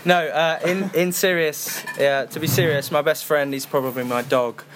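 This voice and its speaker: A man as a podcast guest, making dry deadpan jokes. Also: a little high, normal speed, noisy background. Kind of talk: casual chat.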